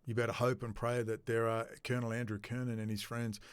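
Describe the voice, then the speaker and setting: Man, mid-pitched voice, angry rambling rant, lots of swearing, dry close sound. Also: level tone, fairly quick, clean tone, dry recording. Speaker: video blogger. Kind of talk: unscripted rant to camera.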